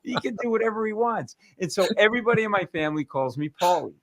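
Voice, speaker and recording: A male comedian telling family stories on a talk show, animated and punchy, slipping into voices. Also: high voice, fast talker, no echo. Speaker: comedian guest. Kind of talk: comic storytelling.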